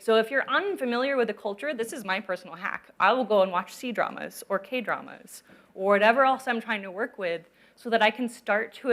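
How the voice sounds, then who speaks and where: Bright-voiced woman giving a conference talk. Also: medium pitch. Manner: conversational, checks in with "right?" often. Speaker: conference speaker on narrative design. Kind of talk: conference talk with audience questions.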